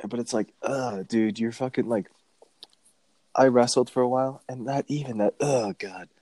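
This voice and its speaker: A man's voice: medium pitch, moderate pace, warm tone, dry recording. A young man chatting casually as a podcast co-host, rambling and swearing constantly. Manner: crude, profane, rambling. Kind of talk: casual chat.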